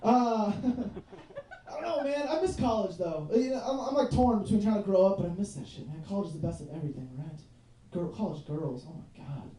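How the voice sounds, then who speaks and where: A man's voice: high voice, expressive, fairly quick, warm tone, a little hiss or hum. A man in his twenties doing a loose, rambling stand-up set at a bar, full of "like" and "you know what I mean.". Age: 20s. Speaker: stand-up comedian. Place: bar stage in front of a live audience. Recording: roomy bar recorded from a distance.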